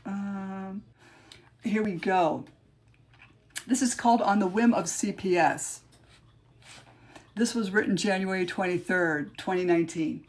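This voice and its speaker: A woman podcast host on a livestream, reading her own rhyming poems with emphatic rises and chatting between them in a halting, informal way. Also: medium pitch, a little mellow.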